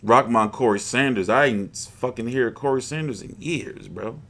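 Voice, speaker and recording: A man's voice: medium pitch, moderate pace, a bit bright. A man hosting a boxing livestream, chatting casually in a rambling, profane, frustrated way.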